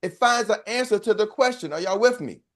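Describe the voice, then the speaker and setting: A man's voice: sits high, animated, a little fast. A man gives a motivational sales training. He talks like a preacher, throws questions to the room and waits for answers. He slips into short acted voices to make his point. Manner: preachy, call-and-response, acts out little voices. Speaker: sales coach.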